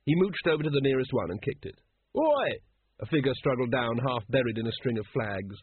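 A man reading an audiobook in an expressive, wry narrating voice. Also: mid-range voice, fast talker, breathy edge, dry recording. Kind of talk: scripted narration. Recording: dry, narrow phone-like sound.

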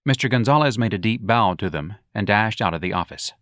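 A man reading a comic novel aloud with a wry, expressive storytelling manner. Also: lowish voice, brisk, few pauses, no echo, clean studio sound. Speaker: audiobook narrator. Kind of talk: audiobook narration.

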